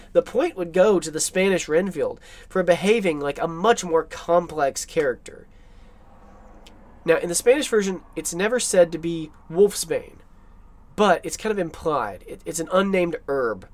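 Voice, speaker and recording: A man giving an enthusiastic, rambling film-analysis commentary over clips, often correcting himself mid-sentence. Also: a little high.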